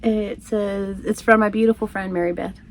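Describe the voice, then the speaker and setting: A woman's voice: mid-range voice, steady tone, normal speed, slight background noise. A woman chatting casually to her viewers, rambling and laughing often as she tells her story. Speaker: crochet vlogger. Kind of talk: casual chat.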